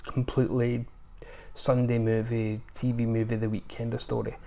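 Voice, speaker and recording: A man talks through his latest film purchases in a loose, rambling way, full of ums and self-corrections. His voice has a gravelly, creaky edge at a mid-range pitch. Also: little pitch movement, normal speed, warm tone. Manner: rambling, with many ums and restarts. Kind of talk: casual unscripted haul review.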